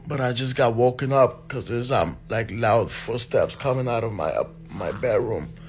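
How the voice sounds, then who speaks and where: A man's voice: mid-range voice, faint music behind. Frightened man whispering into his phone. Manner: hushed, halting, swearing under his breath. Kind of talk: filming himself, talking to viewers. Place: bedroom at night. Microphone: handheld phone camera.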